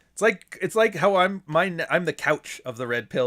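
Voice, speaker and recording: A man's voice: on the high side, big pitch swings, moderate pace, a bit bright. A man hosting a podcast alone, rambling casually and swearing, with mocking asides. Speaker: podcast host. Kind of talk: casual solo monologue.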